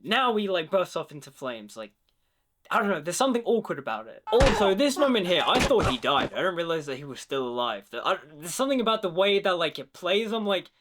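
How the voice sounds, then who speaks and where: A young man with a slightly high voice talks through a film in a loose, chatty way. He leans on "like" constantly and sounds eager, and he breaks into animated bits when he quotes lines. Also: brisk. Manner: chatty, fills speech with "like". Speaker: film reviewer. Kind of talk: casual film reaction commentary.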